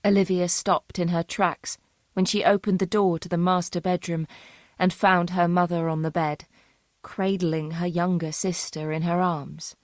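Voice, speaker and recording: A woman reading a thriller audiobook in a measured, tense way. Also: fairly low pitch, level tone, no echo, studio quality. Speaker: audiobook narrator. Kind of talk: scripted narration of a thriller.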